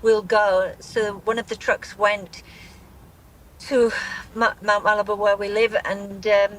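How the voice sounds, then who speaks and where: A middle-aged woman giving a live news interview as a grieving mother, speaking in a halting, shaken way with many restarts. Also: mid-range voice, level tone, a bit bright, rough recording.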